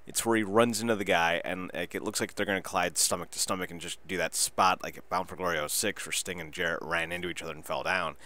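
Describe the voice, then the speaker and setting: A man hosting a wrestling podcast, talking through a casual solo review in a rambling, excitable way and swearing freely. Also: low-pitched, fast talker, few pauses.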